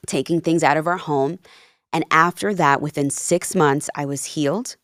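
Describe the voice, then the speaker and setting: Speaking at normal speed in a deep voice, this woman, a life coach from New Jersey with Peruvian roots, shares her story earnestly on a podcast. Her retelling is animated and candid with quoted dialogue, and the sound is clean studio quality with no room sound.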